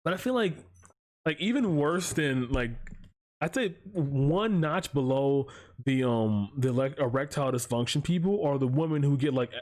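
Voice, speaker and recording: A man's voice: on the high side, moderate pace. A young man streaming live, telling a long profane story in a casual, rambling way. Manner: profane, rambling, animated storytelling with put-on voices. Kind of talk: casual livestream chat.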